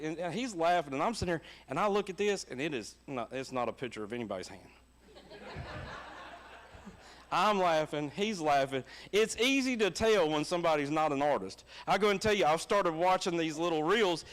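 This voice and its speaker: A middle-aged man with a Southern American accent, preaching a sermon and telling funny personal stories in a folksy, animated way. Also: on the high side, brisk. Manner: folksy and animated, laughing at his own stories. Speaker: pastor. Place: church.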